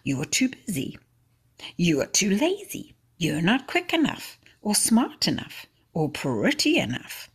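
A woman's voice: on the low side, huge pitch swings, measured pace, husky, voice pushed up, exaggerated voice. A woman reading the lines of a stern, fault-finding man who guards a village well, in a harsh, demanding way.

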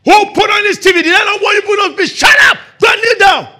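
A male pastor playing a domineering nigerian dad, shrill and yelling. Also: fast, exaggerated voice. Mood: furious. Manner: barking, shouting orders. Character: domineering angry Nigerian father, loud.

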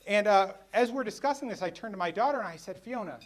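A man's voice: high voice, expressive, fast. Man telling a personal story from the stage. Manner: emotional, quietens for sad parts. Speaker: keynote speaker at a luncheon. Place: banquet hall.

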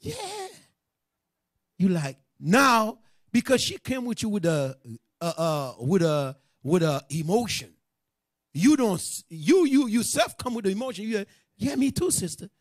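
A man preaching to a class in loose street talk, animated and joking, then scolding the listeners directly. His voice sits fairly high for a man, and the recording is close and dry. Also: unhurried, no room sound. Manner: animated, joking, scolding, with many asides to the audience. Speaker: teacher of a religious class.

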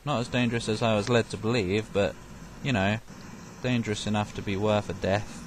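A man's voice: lowish voice, steady tone, fairly quick. A young man doing let's play commentary, sarcastic, talking to enemies and swearing and yelping when hit. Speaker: gaming commentator. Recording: noisy game background.

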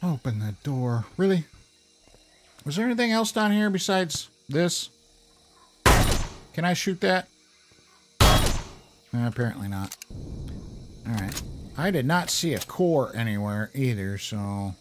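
A man's voice: medium pitch, sing-song, unhurried, long pauses, heavy background noise. A man casually commenting on his own gameplay, chatty and self-deprecating, talking to himself as he plays. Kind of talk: casual let's play commentary.

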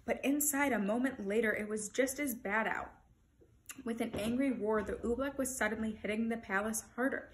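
Reading a children's picture book aloud, a woman tells the story in an expressive, animated way. Her voice is on the high side.

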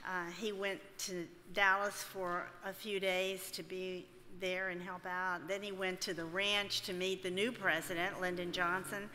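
A woman presenting an evening talk at a church, setting the context in a halting way with many fillers. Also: lowish voice, little pitch movement, bright, forceful tone, slight background noise. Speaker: event presenter. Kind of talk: introducing and narrating context. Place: large church hall. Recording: echoey hall with faint ambience.

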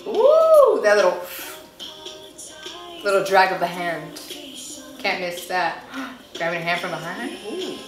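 A woman's voice: fairly low pitch, unhurried, pauses often. A young woman reacting to videos with casual commentary, gasping, squealing and gushing over what she watches. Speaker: reaction vlogger. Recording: echoey room with faint music.

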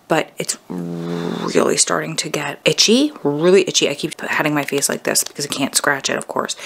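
A woman in her thirties chatting casually to the camera at home in a video diary, sometimes dropping to a hushed whisper. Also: low voice, creaky. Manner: chatty, self-narrating. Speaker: vlogger.

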